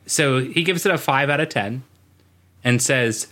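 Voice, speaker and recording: Bright-voiced rambling man, casual podcast chat. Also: mid-range voice, unhurried. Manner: rambling, laughs at his own jokes. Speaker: podcast co-host.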